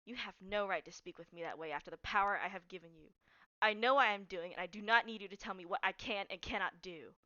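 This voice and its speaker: A woman's voice: mid-range voice, fast talker, sharp tone, no room sound, lo-fi sound, natural voice. A woman voicing a cold, ruthless woman ruler who gives stern, clipped commands.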